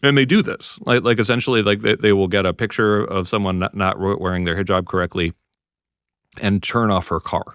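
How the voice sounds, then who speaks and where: A man's voice: on the low side, fairly even intonation, a little fast, a bit bright, smooth, no echo, clean studio sound. A man from the greater New York area who speaks as a guest in an interview. He is earnest and emphatic, and often halts and restarts his sentences. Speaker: guest, free speech advocate. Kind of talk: conversational interview.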